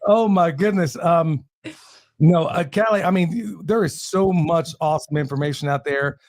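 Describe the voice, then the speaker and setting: A man's voice: a little high, normal speed, darkish tone, no room sound. A man hosting a casual interview, joking and laughing often. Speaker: host.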